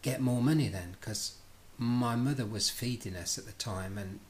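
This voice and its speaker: A man's voice: medium pitch, normal speed. A middle-aged man tells a personal story, acting out the dialogue with lots of restarts. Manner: animated, acts out both sides of dialogues, lots of restarts. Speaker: speaker telling his life story.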